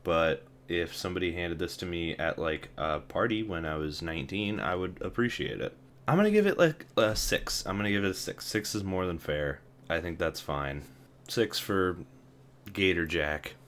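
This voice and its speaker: Low-voiced wry young man vlogging. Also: moderate pace, fairly bright tone, slight background noise. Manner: wry, self-deprecating, laughs often. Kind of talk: casual vlog.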